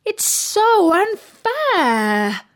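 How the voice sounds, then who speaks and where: A woman voicing a sulky seven-year-old girl with a high, whiny voice in a storybook reading. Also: sing-song, a little slow, fairly bright tone, full character voice. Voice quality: high childish squeal, whiny.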